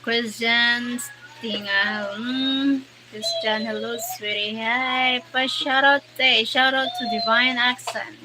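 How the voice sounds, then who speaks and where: A woman's voice: a little high, fairly even intonation, slow pace. A young woman with a Filipino accent chatting casually on a live stream, greeting and thanking viewers by name and mixing Tagalog with English. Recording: noisy background.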